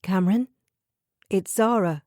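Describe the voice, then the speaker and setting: A woman's voice: medium pitch, a little slow, darkish tone, no echo, clean studio sound, natural voice. A woman voicing a polite, careful young professional woman in an audiobook, speaking tentatively.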